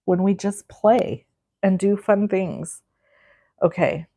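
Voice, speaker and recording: A woman's voice: medium pitch, steady tone, takes it slowly, pauses often, dark tone. A woman in her forties hosting a live crafting demo, talking in a chatty, rambling, self-deprecating way. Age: 40s. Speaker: craft livestream host.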